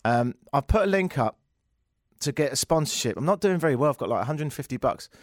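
A man's voice: fairly high pitch, animated, fairly quick, no echo, studio quality. A man hosting a radio talk show, telling jokey stories and acting out the other people in them with a raised voice. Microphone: studio microphone.

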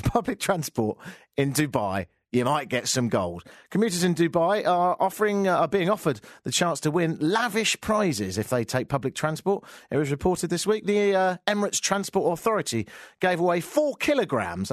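A man hosts a radio show, chatting wryly about the week's odd stories and muttering asides to himself. His voice is fairly high and swoops up and down a lot, heard close and dry with no room sound. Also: no echo. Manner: wry, rambling, mutters asides. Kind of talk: casual news chat.

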